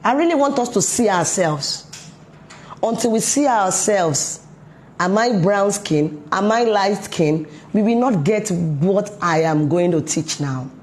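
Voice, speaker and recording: A woman's voice: medium pitch, expressive, slow, slight background noise. A woman coaching parents in a motivational talk, emphatic and full of rhetorical questions.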